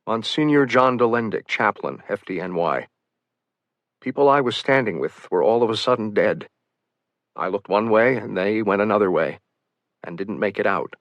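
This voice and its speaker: A man giving a quiet, grave first-person reading for an audiobook. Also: fairly low pitch, lively intonation, normal speed, no room sound, highs cut off. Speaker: audiobook reader.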